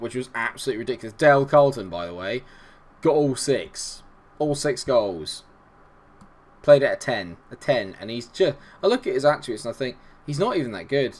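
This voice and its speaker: Man, game video host, casual commentary, chatty, self-deprecating, mid-pitched voice. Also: fairly bright tone.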